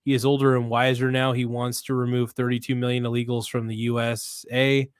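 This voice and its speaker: A man hosting a casual livestream in a dry, close-sounding room, his pitch sitting right in the middle for a man. He talks bluntly and loosely, with slang and swearing. He reads viewer comments aloud and rambles, restarting sentences as he goes. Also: flat delivery, fairly quick, smooth, no room sound. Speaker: livestream host.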